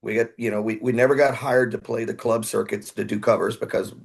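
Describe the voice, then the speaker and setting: A guest musician from Houston, Texas tells rambling stories in a casual podcast interview, now and then imitating other people's voices. His voice is lowish and slightly rough with vocal fry, a little fast, and fairly even in intonation.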